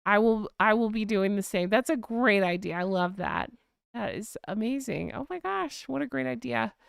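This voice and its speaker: A woman's voice: mid-range voice, expressive, normal speed, gravelly, clean tone, no echo, studio quality. A woman hosting a casual live chat, gushing and effusive as she thanks viewers by name. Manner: thanks donors warmly by name. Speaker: live-stream host.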